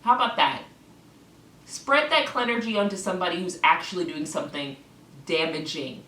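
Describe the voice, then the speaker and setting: A woman's voice: fairly low pitch, lively intonation, normal speed, sharp tone, far from the mic. A woman vlogger in a clown persona, ranting heatedly to the camera with a lot of swearing and words swapped for cl- puns. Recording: echoey room, away from the mic.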